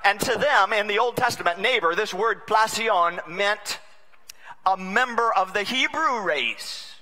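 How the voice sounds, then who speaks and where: A man preaching a sermon as a bishop, wry and humorous, swinging between loud and hushed delivery. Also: high-pitched. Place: large conference hall. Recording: long reverb of a large conference hall.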